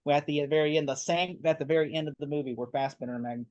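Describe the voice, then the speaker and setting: A man co-hosting a casual movie talk, excitedly retelling scenes in a rambling way. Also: a little high, fast talker, muffled recording. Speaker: podcast co-host.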